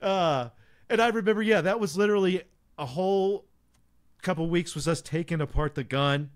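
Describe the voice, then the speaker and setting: High-voiced man telling a story. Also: moderate pace. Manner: animated, laughing anecdote teller. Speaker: podcast co-host. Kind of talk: casual storytelling chat.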